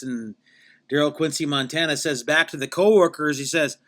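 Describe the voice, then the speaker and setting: Male podcast host, meandering deadpan comic storyteller, bright tone. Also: on the high side, moderate pace. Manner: meandering, self-correcting, deadpan tall tale.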